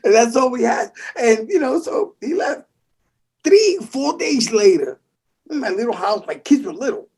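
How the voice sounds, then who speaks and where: Animated husky bronx storyteller guy. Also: very high-pitched, normal speed. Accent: New York. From the Bronx, New York. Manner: animated, swearing, acting out voices in his stories. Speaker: guest percussionist. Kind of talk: casual storytelling interview.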